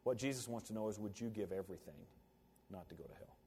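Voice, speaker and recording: Preacher in a reverberant hall. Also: male voice, lowish voice, fast talker, a little hiss or hum. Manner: rising to emphatic peaks, then dropping to quiet asides. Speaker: pastor. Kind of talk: sermon.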